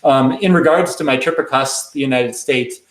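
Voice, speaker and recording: A man hosting a live question-and-answer stream, talking in a relaxed, rambling way with lots of ums. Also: medium pitch, moderate pace, reverberant, rough recording. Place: indoors at a computer.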